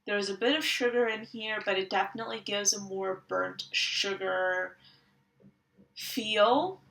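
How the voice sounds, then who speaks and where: A woman talks through her perfume collection in a casual review, eager and full of description. Her voice is bright with a gravelly edge. She sits a little back from the mic in a roomy, echoey space. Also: mid-range voice, distant mic. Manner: enthusiastic, descriptive. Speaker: fragrance reviewer.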